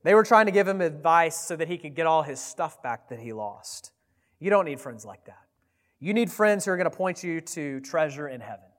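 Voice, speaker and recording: A pastor giving a sermon, earnest and at times emphatic, recorded in a church sanctuary. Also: male voice, a little high, sing-song, normal speed, in a large hall. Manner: earnest, rising to emphatic appeals.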